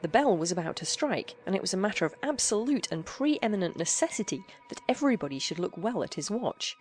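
A woman narrating a classic story aloud in an animated, theatrical way. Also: medium pitch, a little fast.

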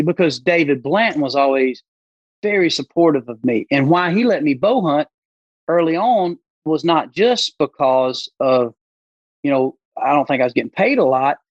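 A man's voice: fairly high pitch, normal speed, no echo, highs cut off. A man talking as a podcast guest, telling stories animatedly and acting out the voices of people he quotes. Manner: animated storyteller who acts out quoted voices. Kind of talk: casual podcast conversation.

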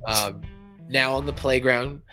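A man hosting a podcast, casually recapping a cartoon episode in an animated way. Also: mid-range voice, takes it slowly, faint music behind. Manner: animated, jumps into voices while retelling. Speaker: podcast host.

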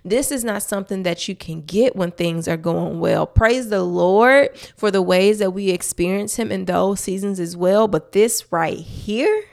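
A woman's voice: medium pitch, moderate pace, creaky, hardly any pauses. A woman hosting a faith-based podcast, talking earnestly and emphatically straight to her listeners. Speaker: podcast host.

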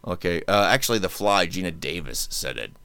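A man hosting a podcast in casual, joking chat, animated and quick to ham up lines. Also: low-pitched, vocal fry, clean tone, no echo. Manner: animated, joking, reads quotes in mock-dramatic tones. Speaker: podcast host.

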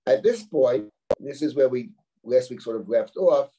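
Rabbi teaching scripture, middle-aged man, dark low-toned voice, talks it through like a chat, reads and translates Hebrew lines. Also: lively intonation, normal speed, a little hiss or hum. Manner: reads Hebrew verses aloud and translates them line by line; conversational, explanatory, with rhetorical questions. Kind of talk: live text-study lecture.

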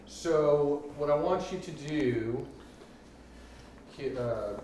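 A man's voice: fairly high pitch, mellow, recorded from a distance. Man running a tabletop game in an echoey room. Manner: measured, descriptive narration. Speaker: game master. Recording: echoey room with background noise.

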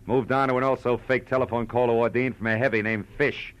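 A man's voice: medium pitch, steady tone, fast talker, lo-fi sound, close to an everyday voice. A man playing a world-weary, wisecracking male private detective in an old-time radio drama, also narrating the story. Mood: wry. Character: hard-boiled male private detective, wry, dry-witted. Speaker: narrator and lead. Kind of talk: 1940s radio acting.

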